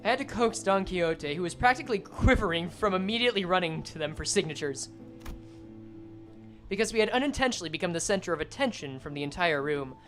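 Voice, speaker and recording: A woman gaming streamer with a lively, jumping voice, reading scenes aloud between casual, foul-mouthed jokes. Soft background music runs under her talk. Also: lowish voice. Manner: casual, swearing, quick jokes. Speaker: game streamer. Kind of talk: let's play commentary and reading game text.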